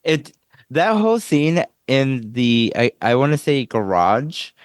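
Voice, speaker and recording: A man at an ordinary pitch talks through a film at an unhurried pace, rambling and restarting his sentences. He laughs easily between thoughts. The sound is close and dry. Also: lively intonation, dry recording. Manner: rambling, self-interrupting, laughs often. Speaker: podcast co-host. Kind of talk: casual movie discussion.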